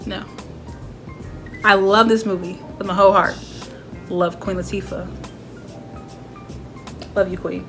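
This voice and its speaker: A young woman reviews a movie she loves in a casual, chatty vlog. She talks animatedly, at a middle pitch. Faint music plays underneath. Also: a little slow, long pauses. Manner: chatty and animated, with quoted dialogue.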